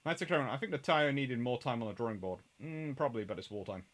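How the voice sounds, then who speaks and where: A man's voice: mid-range voice, expressive, fast, fairly bright tone. A man from England hosting a casual livestream, reading out viewer questions and answering them conversationally. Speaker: host.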